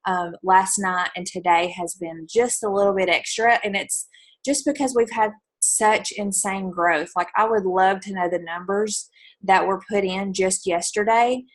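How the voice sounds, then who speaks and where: A woman's voice: medium pitch, unhurried. A woman giving an earnest, encouraging talk to fellow team leaders on a video call.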